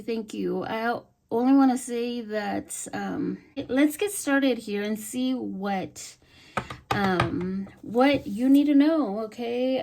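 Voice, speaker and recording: A woman giving a casual tarot reading, soft-spoken and halting, with many fillers and repeated words. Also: fairly high pitch, a little hiss or hum. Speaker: tarot reader.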